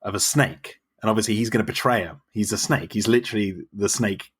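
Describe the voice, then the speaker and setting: Husky man rambling on film theories. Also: fairly low pitch, fairly quick, a bit bright. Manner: enthusiastic, rambling film analysis. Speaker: podcast guest. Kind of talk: casual chat.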